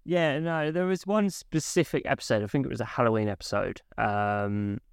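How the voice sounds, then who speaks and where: Guy, 30s, gravelly voice, swears a lot, laughs while telling a story, dry close mic. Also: mid-range voice, normal speed, no room sound. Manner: swears freely, laughs while retelling scenes. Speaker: podcast co-host. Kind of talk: casual chat.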